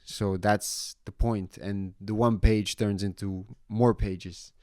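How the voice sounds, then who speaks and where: Laid-back, low-voiced man telling a story. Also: slow, no room sound, studio quality. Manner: laid-back, swears casually, says "man" and "you know" a lot; gets loud and animated when retelling the surf story. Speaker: vlogger. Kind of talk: casual storytelling monologue.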